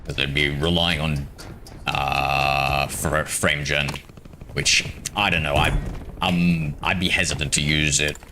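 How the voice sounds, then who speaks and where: A man's voice: extremely low pitch, steady tone, slow pace, sharp tone, a little hiss or hum. A young man chatting casually with viewers on a game stream, rambling with lots of ums. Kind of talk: casual live-stream chat.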